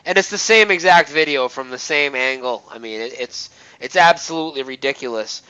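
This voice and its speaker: A man's voice: mid-range voice, fairly quick, sharp tone. A man co-hosting an internet radio show in casual talk, who laughs easily and fills his speech with uh and um. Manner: laughs while talking, many fillers and restarts. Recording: dull lo-fi sound.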